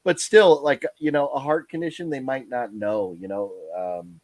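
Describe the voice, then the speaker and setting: A man's voice: mid-range voice, moderate pace, no room sound. Tired man rambling on a live stream. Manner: rambling, many fillers and restarts. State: tired, yawning. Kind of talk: casual live stream chat.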